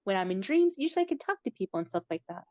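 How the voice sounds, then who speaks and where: A woman telling a personal story in a halting way, with many "like" fillers and moments where she loses her words. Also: mid-range voice, big pitch swings, darkish tone, no echo. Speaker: interviewee recounting a near-death experience.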